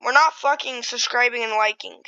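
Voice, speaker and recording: A woman's voice: fairly high pitch, moderate pace, clear, resonant tone, muffled recording. A young woman giving profane, mocking commentary as she reacts to a video, swearing constantly and laughing often. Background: loud music from the video she reacts to.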